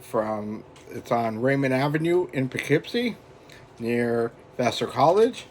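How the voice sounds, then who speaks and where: A man's voice: mid-range voice, expressive, measured pace, a little hiss or hum. A man talking casually at home for his vlog, rambling and chatty and chuckling often as he goes. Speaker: vlogger.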